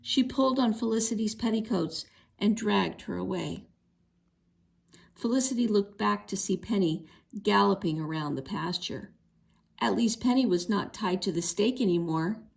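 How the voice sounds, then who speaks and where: A woman reading a children's book chapter aloud, expressive, with a few small slips. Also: medium pitch, normal speed, vocal fry. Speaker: read-aloud narrator. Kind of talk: storybook read-aloud.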